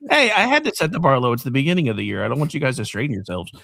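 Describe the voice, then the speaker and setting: A man joins a political talk show as a panelist, talking fast with a gravelly edge. He is folksy and joking, and his voice sounds dry and close. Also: mid-range voice, wildly swooping pitch, fairly bright tone, dry recording.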